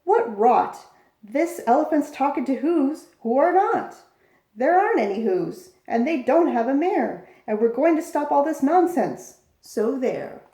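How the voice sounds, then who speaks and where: A woman voicing rowdy, mocking jungle monkeys who shout with scorn. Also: high-pitched, steady tone, moderate pace, hardly any pauses, lightly acted. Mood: scornful. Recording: echoey room.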